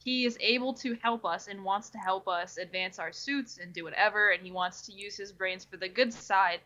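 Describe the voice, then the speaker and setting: A woman's voice: medium pitch, normal speed, pushed and bright. A woman playing her character in a tabletop game, talking earnestly and a little ramblingly as she makes her case. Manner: earnest, pleading, slightly rambling. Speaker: player. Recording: dull lo-fi mic.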